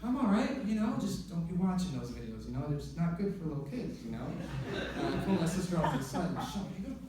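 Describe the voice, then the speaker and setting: A man doing stand-up, telling a rambling, excitable story and acting out his own dialogue on a comedy club stage. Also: a little high, fast, background noise. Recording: very echoey room, mic from far off.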